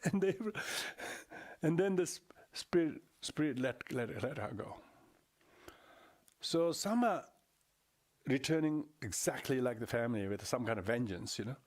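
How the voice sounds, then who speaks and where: An older man giving a dharma talk as a Buddhist lama, halting and often restarting his words. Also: medium pitch, slightly rough.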